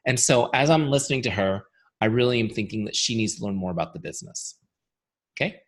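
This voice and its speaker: A man with a tired, fading voice gives an energetic webinar training, chatty and full of rhetorical questions. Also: lowish voice, quick pace. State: losing his voice. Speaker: software founder giving a training webinar.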